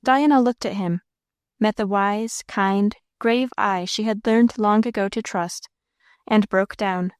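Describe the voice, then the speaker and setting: A woman narrating a classic novel as an audiobook, in a steady, measured way. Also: mid-range voice, clear, resonant tone, no echo, studio quality.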